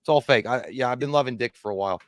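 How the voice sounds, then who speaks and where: Profane, animated man in a dry close recording. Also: mid-range voice, rapid-fire, no echo. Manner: profane, animated storytelling with mimicked voices. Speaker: co-host. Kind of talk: casual livestream chat.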